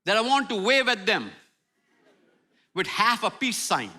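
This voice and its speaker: An older man preaching a sermon as a guest speaker, humorous and animated, acting out prayers and apologies in a church. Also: high-pitched, unhurried, a little hiss or hum. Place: church sanctuary.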